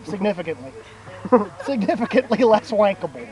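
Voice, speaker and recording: Crude rambling young man over loud music. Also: high-pitched, big pitch swings, moderate pace, low-quality recording. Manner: crude, rambling, profane, laughing at own jokes. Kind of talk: casual storytelling to friends. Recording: music playing loudly behind.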